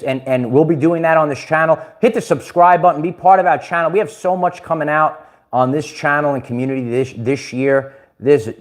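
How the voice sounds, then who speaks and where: Rambling upbeat man hosting a livestream. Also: fairly high pitch. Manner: rambling, repeats words and restarts, laughs often. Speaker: livestream host. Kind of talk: casual livestream chat.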